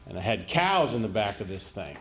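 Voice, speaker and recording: A man from rural Florida, telling stand-up stories in a folksy, unhurried way and laughing into his punchlines. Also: on the low side, sing-song, fairly bright tone. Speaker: stand-up comedian. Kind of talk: stand-up comedy storytelling. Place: comedy stage before a live audience. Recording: live show with audience noise.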